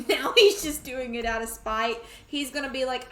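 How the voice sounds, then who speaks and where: A woman's voice: high-pitched, expressive, a little slow, hardly any pauses, reverberant, soft background music. A woman playing a life simulation game, chatting playfully and scolding her characters. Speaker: gamer streaming a life sim. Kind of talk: casual let's play commentary.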